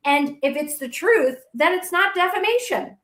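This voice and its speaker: A woman's voice: very high-pitched, expressive, moderate pace, fairly bright tone, echoey room. A woman guest in a heated interview, talking bluntly and combatively, with some profanity.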